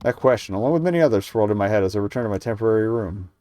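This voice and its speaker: A man's voice: lowish voice, animated, rapid-fire, warm tone. A man reading a story game's dialogue and narration aloud, stumbling and correcting himself now and then. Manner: reads plainly, small stumbles and self-corrections. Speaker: streamer reading a game demo aloud.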